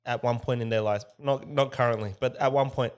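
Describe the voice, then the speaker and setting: A man co-hosting a business podcast, talking casually and growing animated when he quotes other people. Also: medium pitch, fairly quick. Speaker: podcast co-host.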